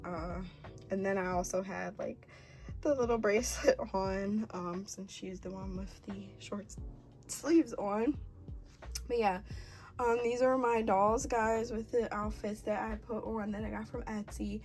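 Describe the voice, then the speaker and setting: A young woman rambles through a casual vlog in a mellow, dark-toned voice, gushing over each item with gasps and many fillers. Now and then she sinks into a whisper. Faint music plays behind her. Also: medium pitch, fairly even intonation, measured pace. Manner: gushing, gasping, filler-heavy, drops to whispers. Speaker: vlogger.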